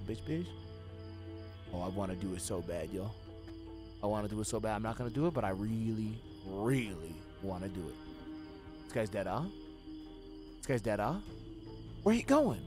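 A young man streams a video game with profane running commentary. He swings between low muttering and sudden yelling as he plays live.

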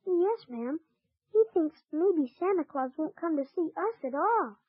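A polite young orphan boy speaks earnestly in a high voice, sometimes stumbling over his words. It is 1940s radio acting on a tinny, phone-like, dry old transcription. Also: animated, unhurried, no echo. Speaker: narrator.

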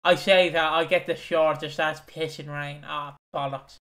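Bright-voiced young British man, chatty. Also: fairly high pitch, flat delivery, moderate pace. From Britain. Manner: chatty, sweary, teasing. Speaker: podcast co-host. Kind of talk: casual chat.

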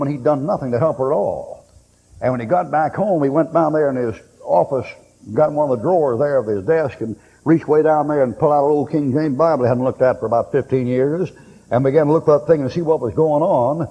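A man's voice: fairly high pitch, husky, dull audio. A man preaching a sermon in a folksy storytelling way, acting out the voices in his stories. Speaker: pastor. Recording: reverberant hall recording.

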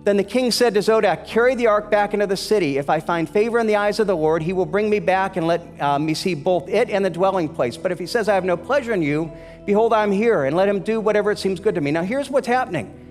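A man's voice: sits high, fast talker, soft background music. A man preaching a sermon as pastor, earnest, often stumbling and repeating words as he restarts phrases. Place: church sanctuary. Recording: long church hall reverb.

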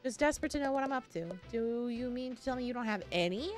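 A woman voicing an excitable female crab influencer with an affected, gushing manner. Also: a little high, fast talker, music in the background, close to an everyday voice. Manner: breathless, gushing, affected posh.

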